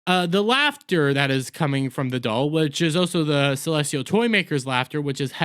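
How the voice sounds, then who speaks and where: A man's voice: fairly high pitch, lively intonation, moderate pace, a bit bright, clear, resonant tone. A man giving a blunt, sarcastic, rambling rant as a video reviewer, full of crude words and restarts. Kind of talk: ranting TV review.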